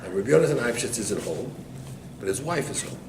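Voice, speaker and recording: A man, a rabbi, giving an animated storytelling Torah class to listeners. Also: medium pitch, a little fast, vocal fry. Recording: echoey room, distant mic, background noise.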